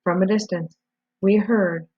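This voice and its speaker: A woman's voice: mid-range voice, steady tone, unhurried, husky, dry recording. A woman reading a novel aloud, telling the story steadily with small slips and restarts. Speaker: reader. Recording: dull lo-fi recording.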